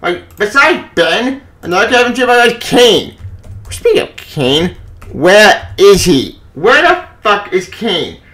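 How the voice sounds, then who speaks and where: A man giving a furious, profane rant on a comics news vlog, often shouting. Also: high-pitched, very animated, slow. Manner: angry, profane ranting with frequent shouting. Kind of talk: ranting opinion vlog. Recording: echoey room, voice off-mic.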